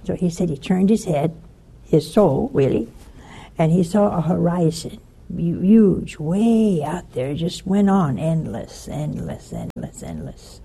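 An older woman preaches and tells stories in a lively way, acting out the people she talks about. Her voice is gravelly and husky, with a dark, mellow tone. She speaks as a religious speaker addressing listeners. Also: lowish voice, a little slow. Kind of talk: sermon-style storytelling talk.

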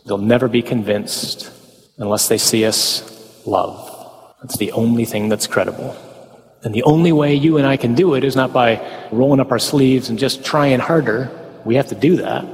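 A man's voice: medium pitch, normal speed. Man teaching in a reverberant church hall. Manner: asks the audience rhetorical questions, tags lines with "huh?"; folksy humorous asides. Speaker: speaker at a parish talk on the Mass. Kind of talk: conversational teaching talk.

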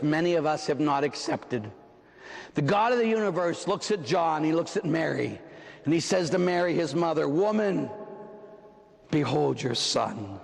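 A man preaching an impassioned sermon, often shouting, with dramatic pauses. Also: a little high, long reverb tail.

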